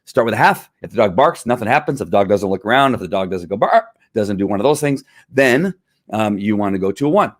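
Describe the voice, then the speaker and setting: Low-voiced chatty dog trainer man. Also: expressive, fast talker, dry recording, clean studio sound. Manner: emphatic, imitates barking dogs, loose and chatty. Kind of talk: casual podcast explanation.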